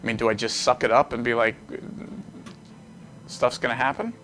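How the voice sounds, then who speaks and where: A man hosting a livestream, casually commenting on his card game as he plays, animated and joking while he thinks aloud. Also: mid-range voice, moderate pace, a little hiss or hum. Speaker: host.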